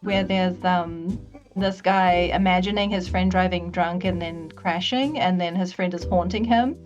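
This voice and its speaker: A woman talks in a relaxed, conversational way, her voice sitting low. She thinks aloud and laughs easily. The stream audio is muffled and lo-fi, with faint music playing behind her. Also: measured pace. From New Zealand. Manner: reflective and conversational, laughs often. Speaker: VTuber guest. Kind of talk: casual chat.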